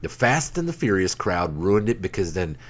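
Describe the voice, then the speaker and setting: A man's voice: low voice, very animated, moderate pace. A man co-hosting a casual car talk show, rambling through stories and acting out quoted lines. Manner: rambling storyteller, acts out quoted bits. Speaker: co-host.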